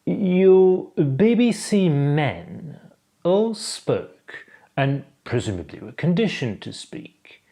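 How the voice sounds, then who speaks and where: A man's voice: a little high, big pitch swings, creaky, warm tone, voice pushed up, heavily acted. A man doing a stately old broadcasting chief. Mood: lofty. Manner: slow, drawn-out, lofty.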